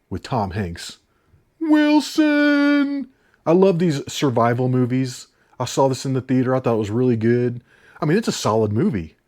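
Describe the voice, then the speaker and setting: A man's voice: fairly low pitch, darkish tone, slightly rough. A man casually chatting to camera about movies he watched and discs he bought, rambling with frequent restarts. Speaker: video host reviewing his disc purchases. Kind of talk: casual chat.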